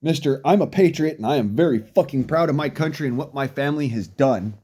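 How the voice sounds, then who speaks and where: Male commentator, angry profane rant, mellow low timbre, very animated pitch. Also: fairly quick, breathy edge. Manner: profane, furious, berating.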